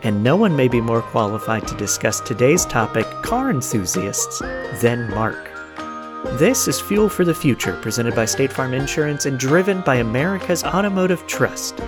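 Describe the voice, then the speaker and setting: A man hosting a podcast, reading a measured scripted intro and then asking friendly, casual questions. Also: mid-range voice, big pitch swings, music in the background. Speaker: podcast host. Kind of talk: podcast interview.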